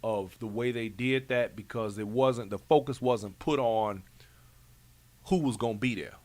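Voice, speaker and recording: A man's voice: medium pitch, measured pace. Laid-back man hosting. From Chicago. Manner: relaxed, emphatic, slangy Chicago talk. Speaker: show host. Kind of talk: casual recap chat.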